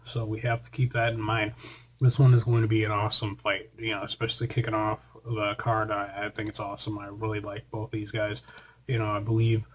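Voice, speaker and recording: A man's voice: on the low side, monotone, fairly quick, slight background noise. A man hosting a casual fight prediction show, chatty and rambling, with joking asides to his co-host.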